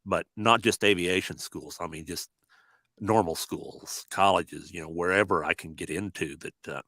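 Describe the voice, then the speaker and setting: Older man with a very deep, bright voice. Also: normal speed, no echo. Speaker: podcast host, pilot. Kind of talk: casual conversation.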